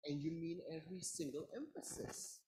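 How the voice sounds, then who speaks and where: A man's voice: a little high, animated, normal speed, warm tone, slightly rough, rough recording. A man teaching an interactive communication class, asking the students questions and playfully stretching words for emphasis. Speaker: lecturer.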